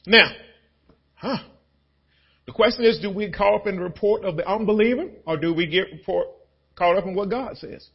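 A male pastor preaching a sermon in an animated, dramatic, conversational way. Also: high-pitched, moderate pace, pauses often, husky, dull audio.

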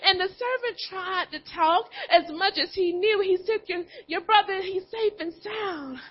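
A woman's voice: extremely high pitch, a little slow. A woman preaching a sermon in an impassioned voice that keeps breaking into tears. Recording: dull lo-fi recording.

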